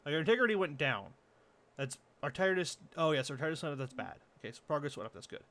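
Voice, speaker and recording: A young man commenting on a game as he plays, excitable, swearing and laughing often. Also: fairly high pitch, fast. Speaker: gaming video host. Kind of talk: let's play commentary. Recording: game music playing behind.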